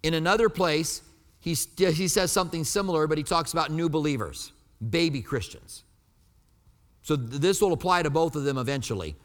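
A man's voice: fairly high pitch, expressive, brisk, in a large hall. A man preaching a sermon as a pastor. He teaches from the Bible in an emphatic, conversational way.

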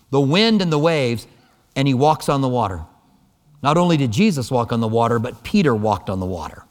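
A man preaching a sermon as pastor, telling the story in an animated way and moving between soft, slow passages and emphatic ones. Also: fairly high pitch. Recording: long hall reverb.

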